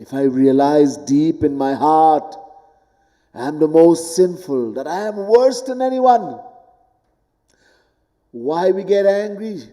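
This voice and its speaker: A man gives a devotional lecture at an unhurried, deliberate pace, his voice mellow and slightly raised in pitch. He moves between emphatic peaks and hushed lines and chants Sanskrit verses. The long reverb of a temple hall hangs behind him. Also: animated. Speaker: spiritual teacher.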